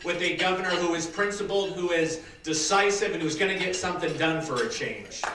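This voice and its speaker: A man from Massachusetts giving a rousing campaign speech at a dinner, building to loud applause lines. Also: on the high side, a little fast. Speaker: political candidate giving a speech. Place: large dinner hall with an audience. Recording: echoey banquet hall, distant mic, crowd noise.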